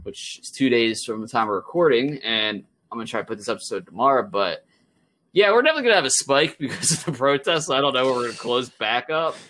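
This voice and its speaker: A young man co-hosting a podcast, telling a story in a loose, animated way, swearing and acting out what people said. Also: medium pitch, quick pace. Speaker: podcast co-host. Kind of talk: casual podcast chat.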